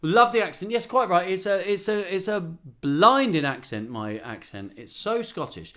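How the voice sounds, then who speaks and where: A man's voice: high-pitched, very animated, moderate pace, bright, forceful tone. A man, a musician, hosting a casual livestream and chatting playfully between songs with a self-mocking humor. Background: guitar.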